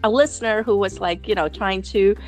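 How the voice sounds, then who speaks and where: A woman's voice: medium pitch, fairly quick, faint music behind. A woman from New City, co-hosting a podcast in casual, blunt chat, swearing freely and restarting her sentences often. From New York City. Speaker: podcast co-host.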